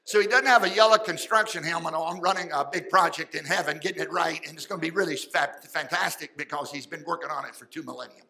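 Fervent preacher, bright high voice. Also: male voice, quick pace, hardly any pauses, poor audio. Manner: fervent, folksy preaching with sudden loud and soft swings. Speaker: pastor. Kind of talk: sermon.

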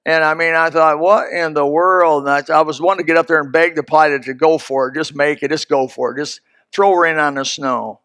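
High-pitched male preacher, folksy storyteller, bursts of loud emphasis. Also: fairly even intonation, fast talker, few pauses, dry recording, clean studio sound. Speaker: pastor. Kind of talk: sermon.

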